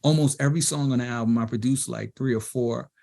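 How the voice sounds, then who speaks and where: A middle-aged man from Brooklyn, telling animated stories as an interview guest and acting out the voices of others. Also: mid-range voice, fast, creaky. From Brooklyn, New York. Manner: animated storyteller who acts out quoted voices. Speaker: DJ and producer guest. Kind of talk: storytelling in a panel interview.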